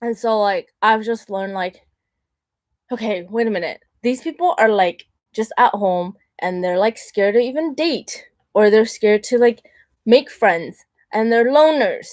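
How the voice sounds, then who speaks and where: A woman's voice: on the high side, expressive, unhurried, darkish tone, no echo. A young woman hosting her own show, talking in a blunt, chatty way, full of "like" fillers and mocking quoted voices. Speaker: host. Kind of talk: casual monologue.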